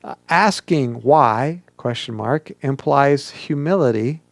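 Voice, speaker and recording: A man's voice: mid-range voice, lively intonation, slow, gravelly, no room sound. A male pastor giving an interactive sermon, coaching listeners to speak aloud and mimicking whiny questions.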